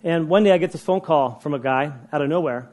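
A man's voice: fairly high pitch, quick pace. Man in his sixties telling a personal story. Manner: animated and conversational, with frequent restarts. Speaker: speaker addressing a group.

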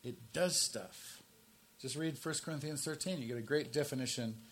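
A man in his sixties preaches as pastor with a middle-pitched voice. He punches key phrases loud and high, then drops to soft, low asides. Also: normal speed, breathy edge. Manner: emphatic, rises to forceful stresses then drops low and quiet. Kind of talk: sermon.

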